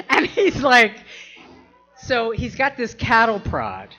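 Bright-voiced woman telling a funny story. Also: on the high side, huge pitch swings, slow pace, soft background music. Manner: laughs often while telling, acts out quoted voices. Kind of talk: personal anecdote told to an audience. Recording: dull lo-fi recording.

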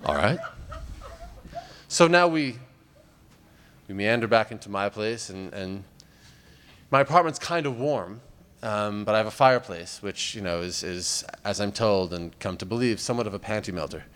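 A man's voice: on the low side, lively intonation, moderate pace, long pauses, fairly bright tone, clear, resonant tone. A man doing stand-up comedy, telling a long story in a rambling, wry way with many fillers.

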